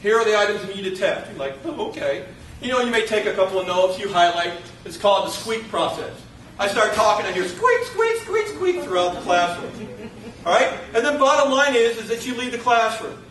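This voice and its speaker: A man's voice: sits high, brisk, recorded from a distance, a little hiss or hum. Man lecturing in an echoey classroom. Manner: lively, joking, acts out students' voices. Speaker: college instructor.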